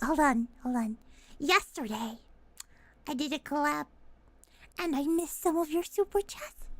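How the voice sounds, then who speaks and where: A woman streamer chatting casually on a livestream, excitable and foul-mouthed, often breaking into shouts and laughter. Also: very high-pitched, no echo. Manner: excitable, swears a lot, bursts into shouting and laughter.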